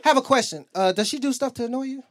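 A man's voice: extremely high pitch, quick pace, crowd noise. A young adult man doing a stand-up comedy set, telling crude, profane stories and acting out the lines of people in them. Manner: animated storytelling, acts out quoted lines.

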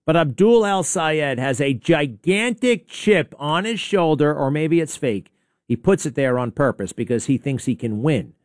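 This talk show host has a fairly high, animated voice and speaks a little slowly, rambling through a sarcastic, opinionated monologue full of asides and restarts while playing clips. The sound is dry and studio-clean.

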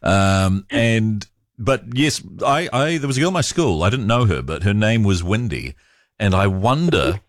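A man's voice: fairly low pitch, animated, measured pace, no room sound, clean studio sound. A man with a New Zealand accent hosting a talk radio show. He chats easily, mocks himself, and often repeats his words. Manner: conversational, self-mocking, repeats words. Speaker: radio host.

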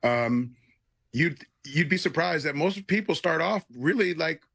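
A man's voice: on the high side, animated, unhurried, gravelly, a bit bright, slightly rough, no echo. A middle-aged man from Los Angeles, a guest talking earnestly in a casual interview, rambling with many restarts and fillers. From Los Angeles, California. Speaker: guest, museum owner.

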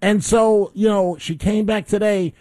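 A man's voice: sits high, fairly even intonation, unhurried, dark tone. A middle-aged man hosting call-in talk radio, telling stories animatedly and laughing at himself. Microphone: studio microphone.

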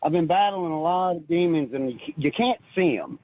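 A man calling in to a radio show and telling a personal story in an earnest, halting way, with many restarts. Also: fairly high pitch, expressive, dry recording. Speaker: caller. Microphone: phone. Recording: tinny phone line.

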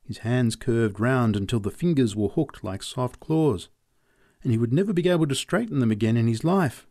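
A man reading short stories aloud in a measured storytelling manner. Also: no room sound, studio quality. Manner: measured storytelling, lively pitch. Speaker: reader. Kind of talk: audiobook narration.

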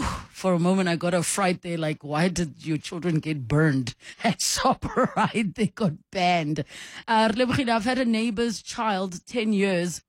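A woman's voice: medium pitch, no room sound. South African woman radio host, dry studio. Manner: chatty, reads messages aloud and reacts. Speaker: radio talk show host. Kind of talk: radio call-in chat, reading listener messages.

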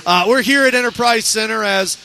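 Bright-voiced male sports show host. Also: high-pitched, creaky, faint music behind. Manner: chatty, joking, quick to laugh. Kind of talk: casual sports talk. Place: arena at a draft event.

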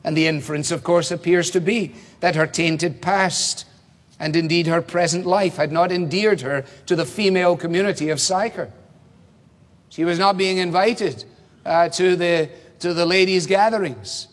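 A male preacher delivers an expository sermon in a measured, emphatic way, pausing for rhetorical questions. His voice sits a little higher than most men's. It carries a long reverb, as if it were heard through a church sanctuary.

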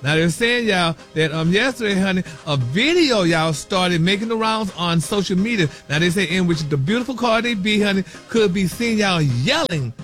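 High-voiced man dishing celebrity gossip. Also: lively intonation, moderate pace, hardly any pauses, a bit bright, soft background music. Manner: chatty gossip, peppers talk with "y'all" and "honey". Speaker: radio celebrity news host. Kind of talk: radio show chat.

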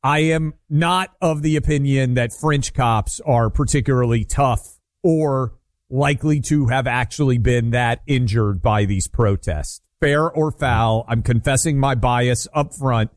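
A man's voice: mid-range voice, a little slow, no echo, studio quality. A middle-aged man from Nashville co-hosting a talk radio show, joking and opinionated in a casual style. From Nashville, Tennessee. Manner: opinionated, joking, self-deprecating.

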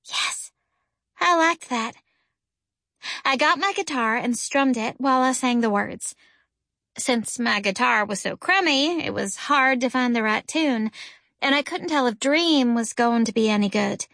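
A woman reads a first-person story aloud with lively, expressive storytelling. Her voice is high and bright. The recording is close and dry. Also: moderate pace, no room sound. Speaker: audiobook narrator.

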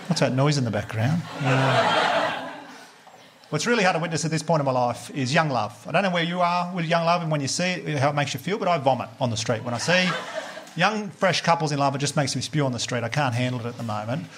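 A crude, deadpan stand-up comedian with an Australian accent, talking to a live crowd in a slightly high voice. The recording carries heavy background noise from the show. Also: male voice, brisk. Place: comedy stage before a live audience.

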